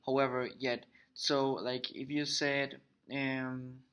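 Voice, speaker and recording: A young man whose first language is Spanish, haltingly summarizing an English punctuation lesson on a video call, with many fillers and restarts. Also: mid-range voice, fairly even intonation, a bit bright, dull audio. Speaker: English learner presenting.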